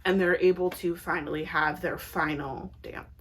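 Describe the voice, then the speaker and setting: Young woman casually recapping a show, talks fast and loose, says like a lot, drops blunt opinions. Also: lowish voice, steady tone, a bit bright. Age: young adult. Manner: chatty, peppered with "like", blunt opinionated asides. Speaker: TV recap vlogger.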